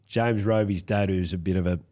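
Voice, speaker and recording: A man's voice: low-pitched, steady tone, a little fast, a little mellow. A middle-aged man, a rugby league coach guesting on a podcast, telling rambling anecdotes in casual conversation with many restarts. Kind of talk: casual interview storytelling.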